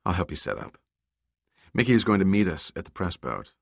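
A man's voice: low-pitched, sing-song, a little fast, gravelly, no echo, studio quality, full character voice. A man voicing a wry woman journalist.

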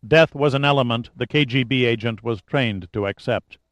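A man giving a steady, dramatic narration of a thriller audiobook. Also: mid-range voice, moderate pace, no echo. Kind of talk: scripted narration.

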